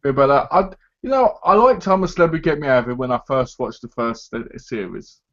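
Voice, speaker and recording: A man's voice: medium pitch, fast talker, fairly bright tone. A man hosting a casual live chat, talking in a chatty way and acting out other people's lines as he goes. His voice sits in an ordinary middle register. The audio is dull and lo-fi, like a home stream.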